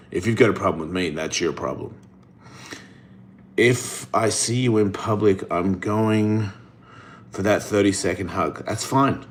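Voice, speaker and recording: Slow, low-voiced blunt man. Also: fairly bright tone. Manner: blunt, rambling, swears freely. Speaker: live stream host reading chat. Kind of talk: casual chat.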